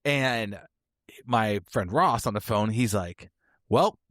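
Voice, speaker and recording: A man hosting a podcast, telling a funny personal story in a casual, animated way and laughing often. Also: on the low side, slow, no echo, studio quality. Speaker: podcast host.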